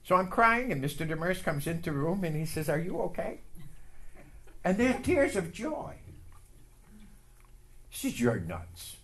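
A man preaching a sermon and telling a personal story, emotional and building to loud outbursts. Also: sits high, lively intonation, unhurried, pauses often. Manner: emotional, building to shouts, leads call-and-response. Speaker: pastor. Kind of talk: sermon with testimony.

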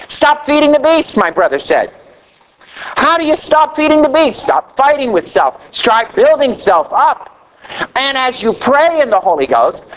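Middle-aged guy preaching, high voice, swings all over, faint hiss behind. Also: poor audio. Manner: animated storytelling preacher, rising to a near shout then dropping low. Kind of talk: sermon.

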